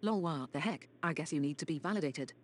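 A woman's voice: sits low, expressive, a little fast. A woman chatting casually and joking in an online voice chat.

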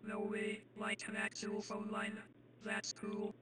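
Flat, offhand voice chatter over loud noise. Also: medium pitch, slow. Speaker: participant in an online voice chat. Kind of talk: casual chat.

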